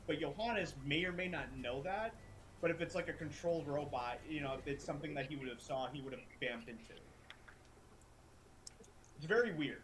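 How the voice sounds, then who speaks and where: A man's voice: fairly high pitch, normal speed, fairly bright tone, slight background noise. A man playing a tabletop role-playing game, thinking aloud in a rambling way and swearing casually. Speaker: player.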